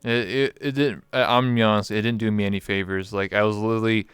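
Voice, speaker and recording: A man's voice: lowish voice, steady tone, quick pace, a bit bright, clear, resonant tone, dry recording. A man from Canada, a guest talking in a candid, reflective way with many fillers. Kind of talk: casual interview chat.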